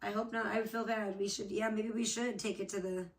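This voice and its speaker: A woman's voice: mid-range voice, flat delivery, fairly quick, slight background noise. A woman hosting a casual livestream chat off camera, rambling to her viewers, swearing freely and trailing off with "I don't know.". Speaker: livestream host. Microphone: off camera, not seen.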